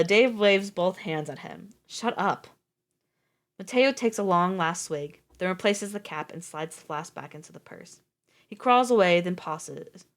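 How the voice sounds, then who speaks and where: A woman streamer reading a story aloud live, breaking off for casual, swearing asides. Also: on the low side.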